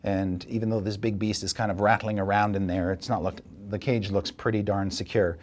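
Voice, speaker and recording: A man narrating a tabletop game as dungeon master, describing scenes with animated energy. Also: lowish voice, fairly quick.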